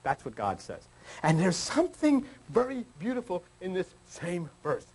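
A man's voice: sits high, wildly swooping pitch, moderate pace, darkish tone, slightly rough, poor audio. An older man giving an informal, teasing sermon to a small group, acting out people's prayers in a folksy way. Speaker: spiritual teacher.

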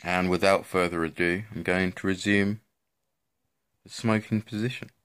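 A man's voice: sits low, steady tone, normal speed, a bit bright, smooth. A young man chatting casually to camera in a laid-back, slangy way, swearing a lot. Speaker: vlogger. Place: at home and outdoors.

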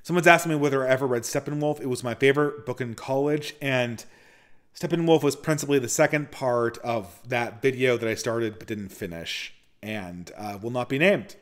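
A man's voice: medium pitch, normal speed. A man hosting his channel, answering viewer questions in a casual, opinionated, rambling monologue with frequent restarts.

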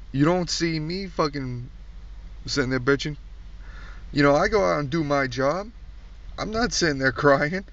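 A man's voice: on the high side, sharp tone. A man doing a profane comedic rant, blunt, crude and mocking. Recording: distant dull recording.

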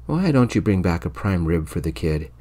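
A man voicing a smug, controlling wealthy boyfriend, condescending, in soft-spoken ASMR storytelling. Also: deep voice, big pitch swings, normal speed.

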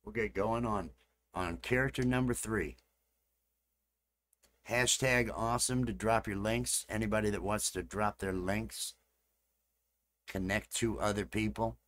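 A man's voice: on the low side, steady tone, unhurried, pauses often, a bit bright. A man chatting casually with viewers during a live stream. He rambles and repeats his phrases as he works, and he.

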